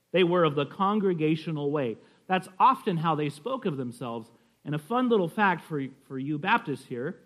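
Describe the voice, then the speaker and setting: A man's voice: a little high, fairly bright tone. Conversational man lecturing a class. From California. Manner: conversational, tells stories, checks in with "okay?". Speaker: teacher. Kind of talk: classroom lecture on church history.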